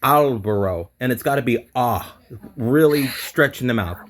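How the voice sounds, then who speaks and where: A man learning a language in an online lesson. He thinks out loud and repeats words as he practices them. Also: medium pitch, moderate pace. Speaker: language student.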